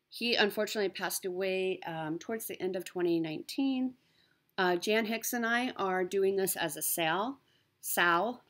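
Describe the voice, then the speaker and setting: Woman vlogging about her stitching projects, chatty and upbeat, lots of ums, mid-pitched voice. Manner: chatty, upbeat, with frequent ums and self-corrections. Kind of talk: casual show-and-tell chat.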